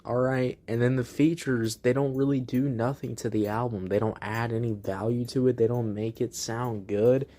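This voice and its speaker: A man hosting his own album review, talking in a blunt, profane, exasperated way. His voice sits at an ordinary pitch, and he speaks casually, as if to his viewers. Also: fairly even intonation, moderate pace, few pauses, warm tone. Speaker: music reviewer host.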